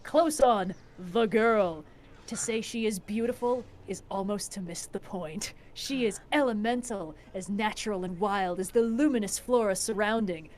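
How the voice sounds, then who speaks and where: A woman's voice: mid-range voice, normal speed, darkish tone, a little hiss or hum. A woman hosting a stream, reading a screenplay's stage directions aloud with wry asides. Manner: wry, adds snarky asides. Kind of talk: casual screenplay read-aloud.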